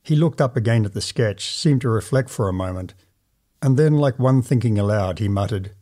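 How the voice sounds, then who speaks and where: Mellow-voiced man reading a story aloud. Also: fairly low pitch, soft background music. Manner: measured, dramatic first-person narration. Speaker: audiobook narrator. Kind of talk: storybook reading of a classic tale.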